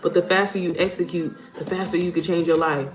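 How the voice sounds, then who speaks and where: On a roomy home livestream with faint music behind her, a woman and mom business coach chats casually with viewers she calls "y'all." She's blunt and talkative and swears without fuss. Her voice is fairly low with fairly even intonation, and she speaks briskly.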